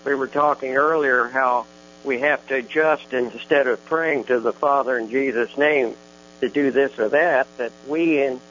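A male pastor hosts a faith radio program in a steady, encouraging way. His voice comes through dull and lo-fi, with a faint mains hum underneath. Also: medium pitch, normal speed. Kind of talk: religious radio talk show.

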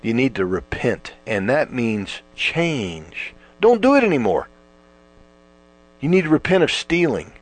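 A man preaching a sermon, emphatic, drawing out words for stress and swinging between loud and quiet. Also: medium pitch, very animated, unhurried, faint music behind. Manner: emphatic, rising and falling with stretched words. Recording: mains hum behind.

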